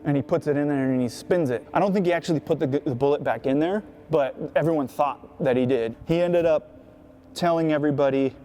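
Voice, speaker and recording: Casual, profane man with a mellow voice. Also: fairly high pitch, a little fast, a little hiss or hum. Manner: casual, profane, peppered with "right?" and "you know". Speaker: skateboarder. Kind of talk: recounting his past in an interview.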